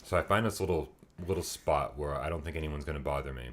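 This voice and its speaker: A man co-hosting a podcast, telling a story in a casual, animated way, laughing often and swearing freely. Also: very deep voice, fast talker. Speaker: podcast co-host.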